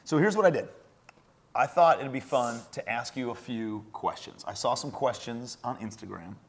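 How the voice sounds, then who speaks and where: A man's voice: mid-range voice, normal speed, a little hiss or hum. A man in his thirties hosting a podcast, talking in a chatty, easygoing way with loose fillers. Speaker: podcast host interviewing his daughter. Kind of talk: casual conversational interview.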